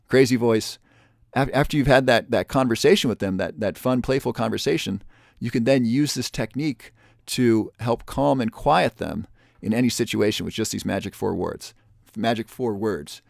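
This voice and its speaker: A man presenting a webinar and making an upbeat sales pitch, repeating the offer with urgency. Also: gravelly, dry recording, clean studio sound.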